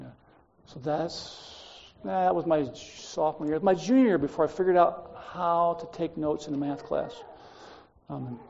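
Gravelly high-voiced male Bible teacher. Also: darkish tone, lo-fi sound, slight background noise. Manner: chatty, addresses students directly. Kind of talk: classroom lecture with personal stories. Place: classroom.

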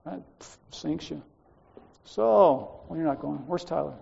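A man's voice: on the high side, slow pace, gravelly, a little mellow, highs cut off. A man teaching a Bible class, lecturing and telling stories from his school days to students, speaking to them directly in a chatty way.

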